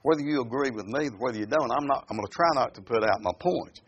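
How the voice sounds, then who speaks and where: A man preaching a sermon. He reads scripture aloud slowly, breaks into folksy asides, and keeps asking his listeners questions. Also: medium pitch, slightly rough, dull audio. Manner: animated, asks the listeners questions.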